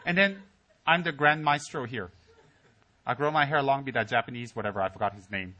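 A man's voice: medium pitch, brisk, sharp tone, dull audio, a faint crowd, a little hiss or hum. A man teaching at a Buddhist center, giving a humorous Dharma talk with teasing asides and mock voices.

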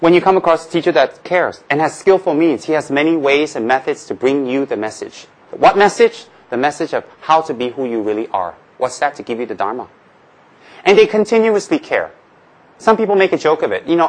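A man's voice: fairly high pitch, expressive, fairly quick, poor audio. Male Buddhist teacher from Tibet, casual humorous talk, asks and answers his own questions. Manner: humorous, rhetorical questions, repeats phrases.

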